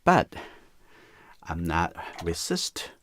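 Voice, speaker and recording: A man with teaching watercolor in a relaxed live painting demonstration, softly talking through each step and often saying "okay, that's good.". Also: sits low, very slow, a little hiss or hum.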